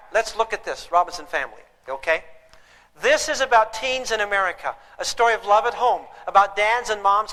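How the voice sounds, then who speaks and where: High, bright-voiced man lecturing a class. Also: in a large hall, poor audio. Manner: emphatic, asks the audience questions. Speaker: parenting teacher.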